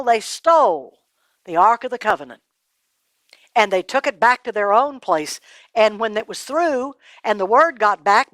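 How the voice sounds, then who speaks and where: A woman telling a Bible story to children, animated and dramatic, often dropping her voice low. Her voice is a little high for a woman. The sound is dry and close. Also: no room sound. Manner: animated, dramatic, drops to a hush.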